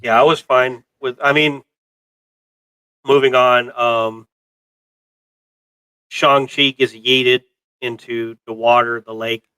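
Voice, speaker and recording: A man's voice: mid-range voice, steady tone, slow, pauses often, pushed and bright, clear, resonant tone, no echo, poor audio. A man co-hosting a casual movie review chat, rambling with many fillers and restarts. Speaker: co-host of a pop culture show.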